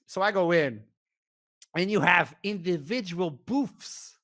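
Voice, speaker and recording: A young man with a Portuguese accent, an esports caster guesting on a podcast, telling an animated story with laughs and sudden shouts. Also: sits high, takes it slowly, no room sound, studio quality. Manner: animated, acts out scenes, laughs often, bursts into shouts.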